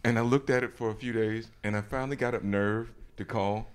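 A man's voice: fairly low pitch, steady tone, fairly quick, clear, resonant tone. A man from Mississippi, telling stories in a casual chat, laughing often and acting out voices. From Jackson, Mississippi, USA.

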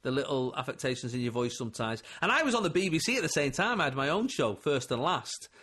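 Animated man telling stories. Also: mid-range voice, quick pace, breathy edge. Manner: animated, laughing storyteller. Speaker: comedian guest. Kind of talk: casual chat.

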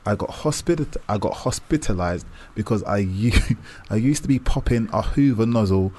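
A man's voice: lowish voice, lively intonation, moderate pace, mellow. A man co-hosting a casual radio chat, laid-back and rambling, often repeating himself. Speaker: radio co-host.

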